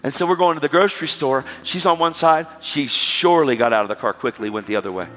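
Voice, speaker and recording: A man preaching a sermon, telling a story with animated, emphatic exhortations. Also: on the high side, fast. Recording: reverberant hall with music behind.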